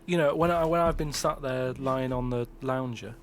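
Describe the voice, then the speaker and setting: A man in comedy podcast banter, explaining a thought haltingly and repeating words. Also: medium pitch, slight background noise.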